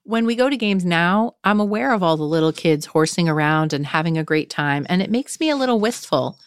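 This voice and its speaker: A woman co-hosts a parenting podcast. She reads stories and reflects on them in an earnest, thoughtful way. Her voice is smooth and lowish, recorded dry and close. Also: expressive, a little fast, dry recording. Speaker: podcast co-host. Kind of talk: reading a listener story and chatting.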